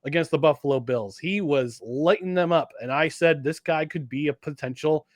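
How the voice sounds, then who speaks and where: A man co-hosting a sports podcast in casual chat, animated and jokey, often restarting his sentences. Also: a little high, moderate pace, no room sound, studio quality. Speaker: podcast co-host.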